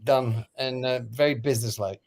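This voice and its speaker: A man in casual conversation who talks haltingly, with many fillers. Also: medium pitch, steady tone, darkish tone. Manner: halting, full of "you know" fillers. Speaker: guest.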